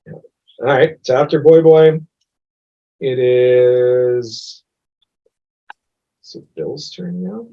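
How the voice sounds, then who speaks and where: A man running a tabletop game as game master, casual and quick to laugh, with trailing restarts. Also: medium pitch, warm tone. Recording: dull lo-fi recording.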